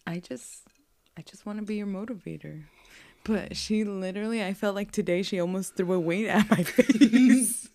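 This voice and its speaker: A woman's voice: mid-range voice, moderate pace, mellow. A woman co-hosting a podcast in casual chat, upbeat, giggly and encouraging. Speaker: podcast co-host.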